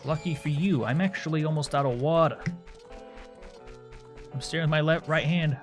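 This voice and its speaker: A fairly high-pitched man speaks at a moderate pace while streaming a game from home. Video game music plays in the background as he rambles and chats casually with his audience.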